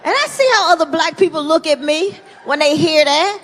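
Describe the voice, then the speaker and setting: A middle-aged woman performing a stand-up comedy set, animated and jumping into loud put-on voices for punchlines. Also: sits high, moderate pace, noisy background. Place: large theater stage. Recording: live theater stage mic with long hall reverb and audience laughter. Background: audience laughter and ambience.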